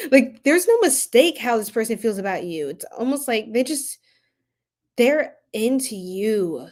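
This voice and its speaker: A woman giving a casual tarot reading to her viewers, slangy and playful, laughing often and swinging from loud outbursts to soft asides. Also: on the high side, very animated, unhurried. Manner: slangy, repeats phrases. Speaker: tarot reader.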